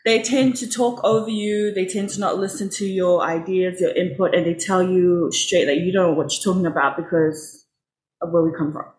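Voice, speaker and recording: A woman's voice: fairly low pitch, fairly even intonation, a little mellow. A woman in her twenties with a Cook Islands accent, a university student answering interview questions thoughtfully. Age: 20s. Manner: slow and thoughtful, frequent laughter as a listener. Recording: roomy echo, faint background noise.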